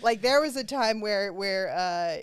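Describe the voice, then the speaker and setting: A woman's voice: medium pitch, expressive, a little slow, smooth. A woman hosting a podcast, chatting candidly and rambling a little with false starts. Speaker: podcast host. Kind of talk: casual chat.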